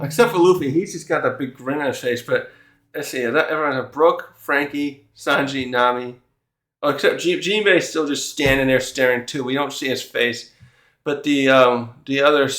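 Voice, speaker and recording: A man hosts a casual chapter review and thinks aloud as he goes. He retells the characters' dialogue in his own words, at a middle pitch. His voice carries a roomy echo. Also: fairly bright tone. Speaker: manga reviewer and channel host.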